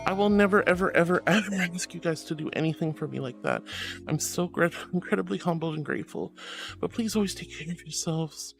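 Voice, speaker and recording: A woman's voice: lowish voice, fairly quick, vocal fry, soft background music. A woman live streamer chatting with her viewers, gushing, flustered and laughing often as she thanks them.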